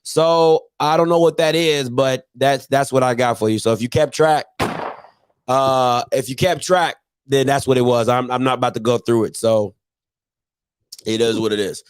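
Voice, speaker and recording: A man's voice: mid-range voice, fairly even intonation, normal speed, clean tone, dry recording. A man hosting a live call-in sports talk show, talking emphatically and repeating his points.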